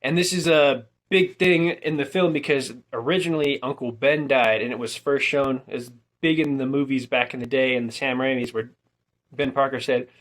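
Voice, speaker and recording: A young man casually reviewing a movie, retelling its scenes in an animated way and quoting the characters with plenty of "like.". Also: medium pitch, moderate pace. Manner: animated storytelling, quotes characters with filler "like".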